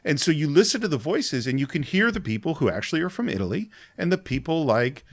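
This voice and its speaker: A man's voice: on the high side, very animated, fast talker. A man co-hosting a podcast, talking through a film scene by scene in a casual, explanatory way. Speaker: podcast co-host.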